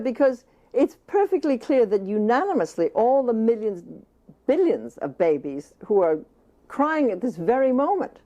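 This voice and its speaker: Older woman, mellow tone, impassioned, emphatic, interview answers. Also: sits high, muffled recording. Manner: impassioned, emphatic, speaks at times as the baby. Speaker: author interviewed about child care.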